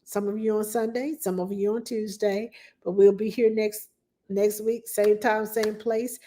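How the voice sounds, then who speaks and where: A middle-aged woman talks casually to her live-stream viewers. Her voice is mellow and relaxed, and she rambles along, full of fillers and asides. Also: medium pitch, a little slow. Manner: chatty, rambling, with frequent fillers and laughs. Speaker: nanny hosting a live Q&A stream.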